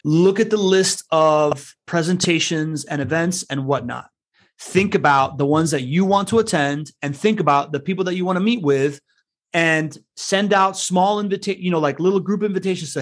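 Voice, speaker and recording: Chatty man with a fairly high voice. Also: normal speed. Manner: chatty, filler-heavy, keeps asking "right?". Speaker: podcast co-host giving networking advice. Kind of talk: casual chat.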